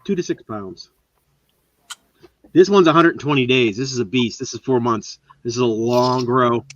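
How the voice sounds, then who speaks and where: A man's voice: medium pitch, normal speed. A man hosting a casual live-stream chat, talking in an enthusiastic, rambling show-and-tell way. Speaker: host. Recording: dull lo-fi sound.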